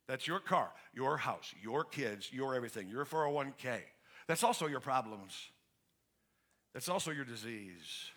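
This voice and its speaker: A man's voice: mid-range voice, lively intonation, normal speed, a bit bright. A man pastor preaching a sermon in an emphatic, conversational way, asking the congregation to finish his questions. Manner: emphatic and conversational, with frequent restarts.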